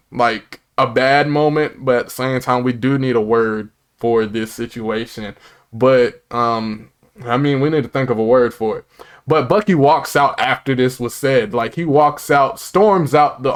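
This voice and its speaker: A man casually recapping and reviewing a TV episode, rambling and excitable, with lots of filler words and side comments. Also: medium pitch.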